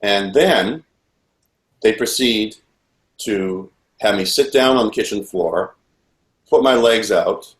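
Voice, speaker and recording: Intense man, low voice, echoey. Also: slow, long pauses. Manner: earnest, intense storytelling that replays dialogue. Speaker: witness giving testimony. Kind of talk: personal testimony, recounting events. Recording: echoey room.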